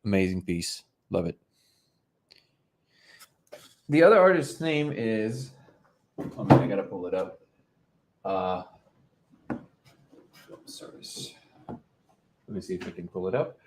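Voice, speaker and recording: A man with a fairly low voice hosts a casual livestream, chatting loosely with plenty of fillers and false starts. He now and then wanders away from the microphone, so his voice comes and goes in strength. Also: animated, unhurried, long pauses, background noise. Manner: rambling, hesitant, many fillers and restarts. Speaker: livestream host. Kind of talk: casual live chat.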